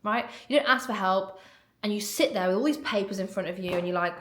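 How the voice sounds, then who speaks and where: A woman talking casually as a mindset coach, animated and blunt, swearing now and then and acting out inner voices. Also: mid-range voice, a little fast. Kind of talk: casual solo podcast talk. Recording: roomy echo.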